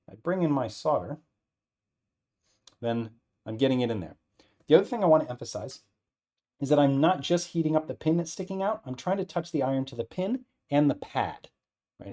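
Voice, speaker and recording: A man teaching a hands-on demonstration in a relaxed way, thinking aloud as he works and often checking in with "right?". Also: medium pitch. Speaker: instructor. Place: workbench with an air filter running.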